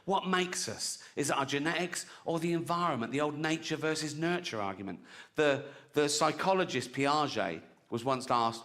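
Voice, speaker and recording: A middle-aged man from England performing a stand-up comedy set, animated and often laughing at his own jokes as he acts out little voices. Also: mid-range voice, moderate pace. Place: theatre stage before an audience.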